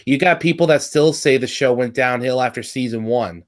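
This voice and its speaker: A man hosting a casual review chat, rambling and excitable, swearing often and restarting his sentences. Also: medium pitch, normal speed. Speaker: podcast host reviewing cartoon episodes.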